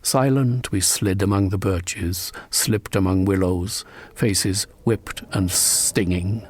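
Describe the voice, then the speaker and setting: A man narrating a suspenseful first-person story in a measured, dramatic way, breaking into sharp cries at tense moments. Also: low voice, slightly rough. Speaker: audiobook narrator.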